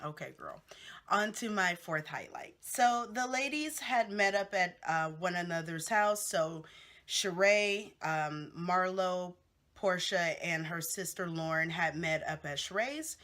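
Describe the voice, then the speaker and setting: A woman's voice: lowish voice, a little slow, a bit bright. A woman hosting a casual gossip recap of a reality show, chatty and candid with lots of fillers and asides.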